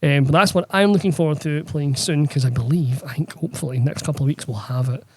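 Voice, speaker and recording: A man's voice: on the high side, fast, husky, no echo. A man co-hosting a tabletop gaming podcast, rambling and swearing with enthusiasm. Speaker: podcast co-host, game master. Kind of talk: casual podcast chat.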